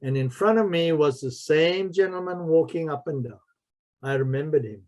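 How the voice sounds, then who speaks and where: A man's voice: fairly high pitch, moderate pace. A man who is a martial arts master and spiritual mentor, telling stories in an interview with emphatic repetition. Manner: emphatic, repeats key phrases. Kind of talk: storytelling in a podcast interview.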